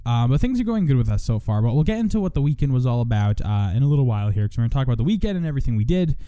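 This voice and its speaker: A man's voice: medium pitch, big pitch swings, very fast, warm tone. A young man hosting a solo podcast, venting in a profane, rambling monologue full of restarts. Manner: profane, rambling, self-interrupting. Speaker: podcast host.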